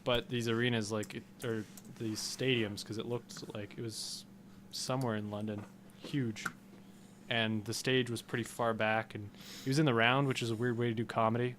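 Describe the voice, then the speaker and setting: A man co-hosting a podcast, chatting casually and rambling through his take, getting animated when he retells jokes. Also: medium pitch, normal speed, a little hiss or hum. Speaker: podcast co-host. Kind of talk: casual chat.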